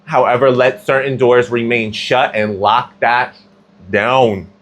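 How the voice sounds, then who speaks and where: A man's voice: mid-range voice, steady tone, slow, fairly bright tone. A man giving a casual tarot reading, chatty and slangy, with plenty of filler words. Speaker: tarot reader.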